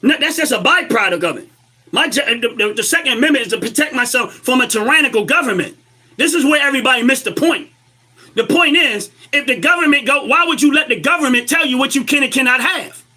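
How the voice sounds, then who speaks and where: Very high-voiced, sharp-toned man ranting. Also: animated, fast talker. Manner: emphatic, rhetorical, lecturing an audience. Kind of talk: impassioned political commentary.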